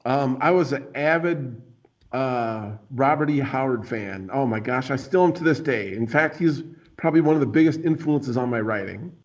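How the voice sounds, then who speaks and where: A man's voice: medium pitch, normal speed. A man hosting a casual talk show, rambling and playful with lots of fillers. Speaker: podcast host. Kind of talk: casual chat. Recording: dull lo-fi sound.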